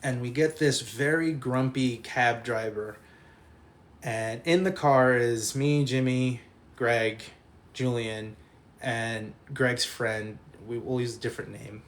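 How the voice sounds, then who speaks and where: Speaking slowly in a mid-range voice, a young man laughs his way through a lengthy college tale for his live stream chat, animated and full of profanity.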